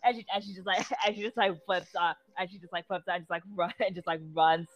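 A woman's voice: fairly low pitch, steady tone, fast, muffled recording. A woman playing a tabletop role-play game, describing her character's actions in a rambling, giggly way with many fillers. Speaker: player.

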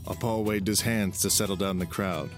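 A man reading an audiobook chapter aloud as narrator, in a steady storytelling way. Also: sits low, normal speed. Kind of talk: scripted narration. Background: music.

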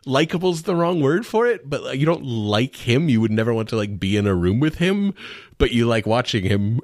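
A man's voice: medium pitch, sing-song, brisk, dry recording, studio quality. A man co-hosting a podcast, talking casually about movies with many restarts and fillers. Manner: laughs while describing scenes. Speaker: podcast co-host. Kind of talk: casual film discussion.

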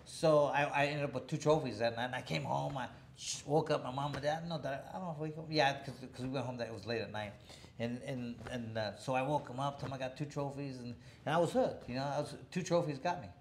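A man's voice: medium pitch, fairly even intonation, fast, a little hiss or hum. A middle-aged man telling a boxing story in a casual interview, rambling with many restarts and chuckling along the way. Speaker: former boxer telling a story.

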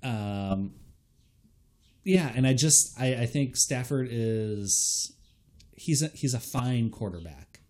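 A young man in casual podcast chat, analyzing fantasy football with relaxed fillers and hedges. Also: medium pitch, takes it slowly.

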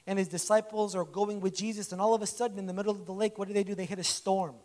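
A man preaching a conversational sermon, telling stories in an animated way and acting out the dialogue. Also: high voice, fast talker.

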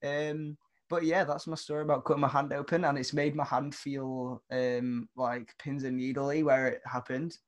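A man's voice: mid-range voice, little pitch movement, normal speed. A young man, co-hosting a podcast and telling a story in casual chat, laughing often and using lots of fillers. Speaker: podcast co-host.

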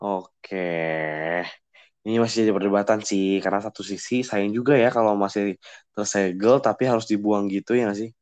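A man's voice: lowish voice, fairly even intonation, brisk, a little mellow, clean tone. Laid-back young man radio co-host. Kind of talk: casual radio chat.

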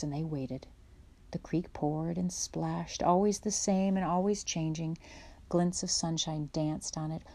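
Low, mellow woman reading a storybook. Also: gravelly. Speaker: narrator. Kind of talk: storybook read-aloud.

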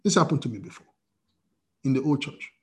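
A man preaching a sermon as pastor, telling a personal story with acted-out dialogue and swings from loud to quiet. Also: medium pitch, lively intonation, brisk, slightly rough. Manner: storytelling with quoted dialogue, wide swings in loudness. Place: church service via video call.

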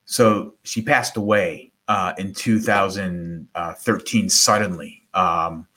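A middle-aged man, a guest, telling a personal story in conversation, animated and acting out quoted voices. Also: low-pitched, slow. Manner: animated, acts out quoted voices, repeats words.

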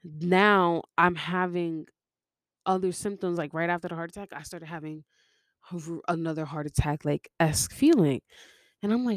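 A woman's voice: lowish voice, fairly quick, no echo, clean studio sound. A young woman hosting her own podcast, telling a personal story in a rambling, casual way, jumping between tangents and laughing often. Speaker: podcast host. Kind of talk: casual confessional monologue.

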